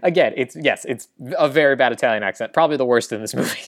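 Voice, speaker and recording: A man's voice: mid-range voice, fast talker, no room sound. Male podcast co-host, casual rambling recapper, dry close sound. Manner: rambling, lots of "like" and quoted lines.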